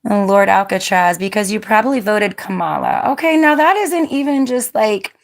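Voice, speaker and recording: A woman's voice: mid-range voice, moderate pace. A woman hosting a casual livestream, reading viewer comments aloud, chatty and laughing often, firm with rude commenters. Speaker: livestream host.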